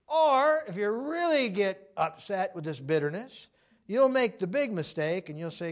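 A man preaching a sermon, animated, acting out quoted voices with many fillers. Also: very high voice, measured pace.

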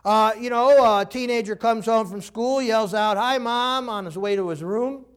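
Older male pastor, high-pitched, animated sermon delivery with acted-out voices and laughter. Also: normal speed, clear, resonant tone. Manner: animated, acts out quoted voices, laughs often.

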